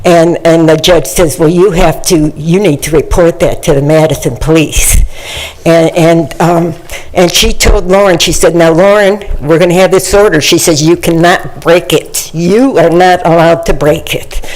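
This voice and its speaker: A woman's voice: fairly low pitch, steady tone, normal speed, a little mellow, rough recording. An older woman giving earnest personal testimony during a public comment period, often repeating words and phrases for emphasis, speaking into a podium microphone in a county meeting chamber.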